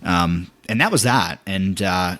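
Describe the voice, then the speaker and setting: A young man telling a story in casual podcast chat, animated, acting out quotes with many restarts. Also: sits low, measured pace.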